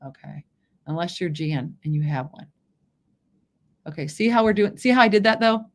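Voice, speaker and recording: A woman's voice: fairly low pitch, normal speed, slight background noise. A woman giving a chatty live makeup demonstration, often checking in with her viewers. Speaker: makeup presenter on a live stream.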